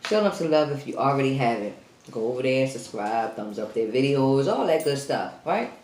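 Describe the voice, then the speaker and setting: A woman's voice: rumbling low, animated, moderate pace, a little mellow, echoey room, slight background noise. A woman hosting an eating show, chatting casually to her viewers between bites and getting out of breath. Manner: chatty, addresses viewers as y'all, eats between lines. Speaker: mukbang host.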